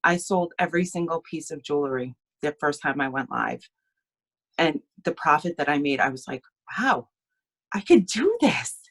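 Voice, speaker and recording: A woman telling her personal story in an earnest, tearful, halting way during a live online event. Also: deep voice, steady tone, fairly bright tone. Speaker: team member sharing her story. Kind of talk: emotional personal testimony.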